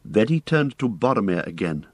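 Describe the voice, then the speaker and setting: Male audiobook narrator, measured and expressive, dry booth sound. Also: fairly low pitch, breathy edge, no echo.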